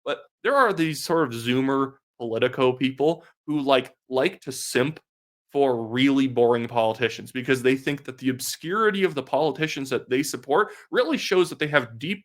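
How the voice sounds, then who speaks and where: A man's voice: mid-range voice, a bit bright. A young man from Canada giving casual political commentary, blunt and sarcastic, with lots of "like" fillers. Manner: fast talk with many filler "like"s.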